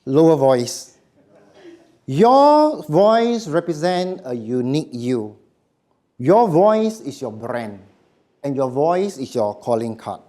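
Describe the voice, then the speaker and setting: Man, voice coach, live workshop, unhurried delivery, emphatic, soft trailing phrase ends. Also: a little high, very animated. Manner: slow, emphatic, dropping to quiet endings.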